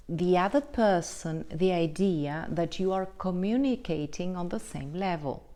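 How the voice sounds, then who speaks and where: A woman teaching English pronunciation in an online lesson, explaining slowly and deliberately and checking in often with the learner. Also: on the low side, darkish tone. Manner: slow, deliberate, explanatory with frequent checks like "right?".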